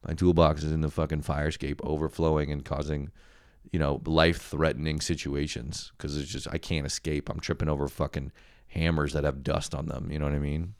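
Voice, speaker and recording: A man's voice: rumbling low, level tone, a little fast, darkish tone, no room sound, studio quality. A young man hosting a solo podcast, rambling and swearing with self-mocking laughs. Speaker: podcast host. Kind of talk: solo comedic podcast rant.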